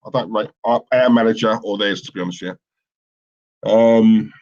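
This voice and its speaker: A man's voice: fairly low pitch, steady tone, moderate pace, darkish tone, muffled recording. Rambling opinionated man on a live stream. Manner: rambling and opinionated, with many fillers and restarts. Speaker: co-host of a live football watchalong stream. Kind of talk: casual live-stream chat, reading out viewer comments.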